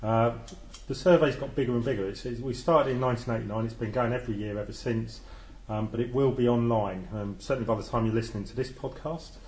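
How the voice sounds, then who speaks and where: A man on a football podcast panel, calmly explaining a fan survey with plenty of fillers. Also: medium pitch, quick pace. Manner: relaxed, explains at length with fillers. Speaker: fanzine editor on a panel. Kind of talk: casual chat. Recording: roomy echo.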